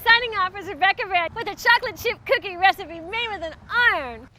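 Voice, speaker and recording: A woman with a very high, bright, sharp voice hosts a comedy cooking show. She talks theatrically and spins small mishaps into melodramatic rants. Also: lively intonation, a little fast. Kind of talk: mock-dramatic comedy cooking monologue.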